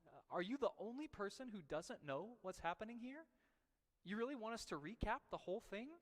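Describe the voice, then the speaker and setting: An aggravated, incredulous male disciple, acted out by a man who fires off question after question. The voice sits a bit high and rings out in a reverberant hall. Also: animated. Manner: aggravated rapid-fire questions.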